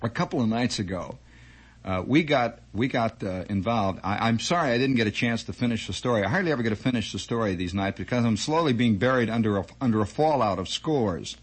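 A man hosting a radio show, telling a digressive story with animated asides and many restarts. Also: medium pitch, fairly quick, breathy edge. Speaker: radio host. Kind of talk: rambling on-air storytelling.

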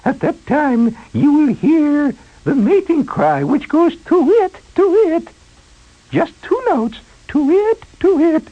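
A man's voice: extremely high pitch, big pitch swings, muffled recording, pitched above the performer's own voice, heavily acted. A man putting on a prim lady announcer. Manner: slow, lilting, precise announcer delivery. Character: prim middle-aged female radio presenter.

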